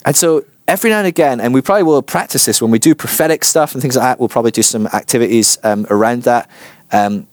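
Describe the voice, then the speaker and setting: Man, church teacher, casual animated delivery, mid pitch, dry sound. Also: quick pace, no echo. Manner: chatty, animated, acts out quotes. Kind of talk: informal teaching talk.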